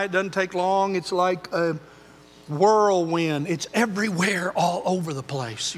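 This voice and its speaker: An older man preaching a sermon as pastor, earnest, moving between loud emphasis and quiet intensity. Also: high-pitched, big-room sound.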